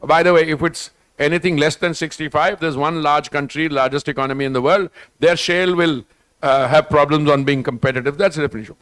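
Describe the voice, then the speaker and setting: A man's voice: fairly high pitch, steady tone, fast talker, fairly bright tone, no room sound. Older Indian man, discursive, dry sound. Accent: Indian English. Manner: discursive, digressive, mixes in Hindi phrases. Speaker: government minister. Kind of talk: panel conversation at a literature festival.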